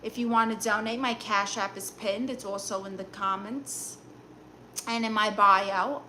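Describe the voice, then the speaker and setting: A woman's voice: medium pitch, fairly even intonation, bright, forceful tone, slight background noise. A woman with a Brooklyn accent voicing a blunt, sassy aunt who reads viewer comments and gives dating advice on a live stream. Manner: blunt, sassy, quick comebacks.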